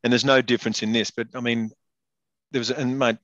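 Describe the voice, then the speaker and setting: A man's voice: mid-range voice, flat delivery, brisk, fairly bright tone, dry recording, highs cut off. A middle-aged man, a former rugby player, chatting bluntly and casually in an interview, swearing freely and calling everyone mate. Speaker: guest, former professional rugby player and state rugby board member.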